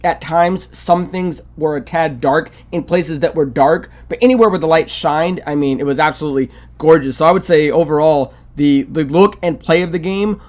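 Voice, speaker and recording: Rambling man with a slightly high voice. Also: moderate pace, hardly any pauses. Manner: rambling, with many fillers and "I gotta say". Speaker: video game podcast co-host. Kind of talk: casual game review chat.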